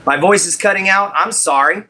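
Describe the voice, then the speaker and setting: During a laid-back crafting stream, this man greets each viewer by name in a drawling voice that's slightly high, bright, and forward. He talks comfortably at normal speed and keeps saying sorry when his audio cuts out.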